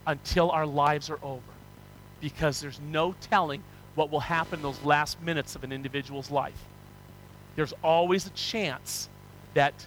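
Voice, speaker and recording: A male preacher with a notably high voice delivers a sermon, retelling parables with animated energy. His tone is bright and ringing, and he often restarts or repeats words as he talks. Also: low-quality recording. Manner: animated storytelling, acting out parable characters. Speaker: pastor.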